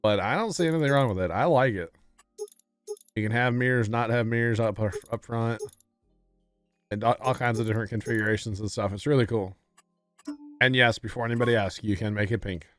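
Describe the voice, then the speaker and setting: A man's voice: mid-range voice, a little fast, pauses often, soft background music. A man livestreaming a farming game, chatting casually with his viewers and often apologizing with a laugh. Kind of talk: casual gameplay commentary.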